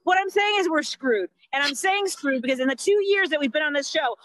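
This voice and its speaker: A woman's voice: high voice, lively intonation, a bit bright, a little hiss or hum, low-quality recording. A woman comedian giving a rambling, exasperated stand-up rant over a video call. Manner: rambling, exasperated, quick to joke.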